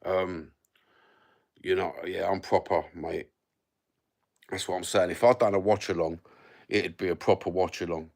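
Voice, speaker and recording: Fifties geezer, very deep voice, laid-back sweary banter with viewers. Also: male voice, fairly even intonation, a little slow, gravelly, pauses often, a little mellow. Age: 50s. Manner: sweary, blokey banter with lots of fillers. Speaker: livestreamer reading viewer comments. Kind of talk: casual rambling chat.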